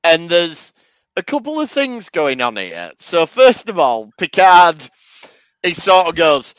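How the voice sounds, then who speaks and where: A man's voice: on the high side, wildly swooping pitch, takes it slowly, a bit bright, clear, resonant tone, dry recording, poor audio. A man co-hosting a podcast in casual chat, rambling and sweary, acting out quoted lines. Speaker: podcast co-host.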